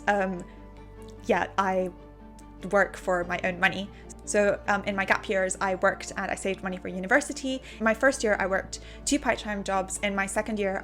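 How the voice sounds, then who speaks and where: Woman, 25, accent blending English with an Irish-sounding lilt; earnest, apologetic vlog chat with faint music behind. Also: mid-range voice. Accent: mixed, English with an Irish-sounding lilt. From England. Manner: earnest, apologetic, over-explaining. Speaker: YouTuber. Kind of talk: casual chat to camera.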